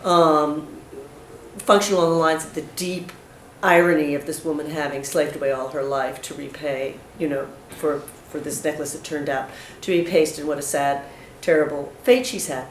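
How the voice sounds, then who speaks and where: A woman's voice: low voice, fairly even intonation, moderate pace. A woman professor asking a long, thoughtful question from the audience, with frequent restarts. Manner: thoughtful, hesitant, with many restarts. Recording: echoey room with faint hiss.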